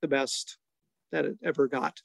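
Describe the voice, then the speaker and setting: A middle-aged man telling a family story in an unhurried, chuckling way, full of small details. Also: fairly high pitch, fairly even intonation, vocal fry, no echo. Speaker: storytelling guest, father. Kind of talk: relaxed anecdotal storytelling.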